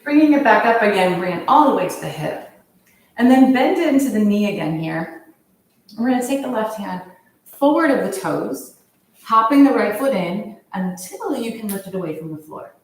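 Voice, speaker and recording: Woman, yoga instructor, calm breath-paced cues, very roomy echo, distant from the mic. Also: medium pitch, normal speed. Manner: calm, steady cueing of poses with the breath. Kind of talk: guided yoga class instruction. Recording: very echoey room, voice from far off.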